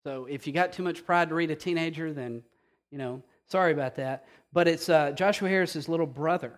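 Emphatic, high-voiced male preacher. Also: fairly quick. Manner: animated, emphatic preaching with repetition and direct address. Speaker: pastor. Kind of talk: sermon.

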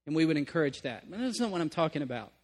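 A man with a high voice preaches to a congregation. He swings between punchy, emphatic stretches and quiet, earnest asides, and he keeps checking in with his listeners. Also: very animated, racing. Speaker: pastor. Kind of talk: sermon.

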